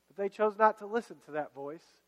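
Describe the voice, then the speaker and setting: A man's voice: sits high, a little fast, fairly bright tone, big-room sound, rough recording. A man, a pastor, preaching a sermon in church and repeating key phrases as he urges the congregation on.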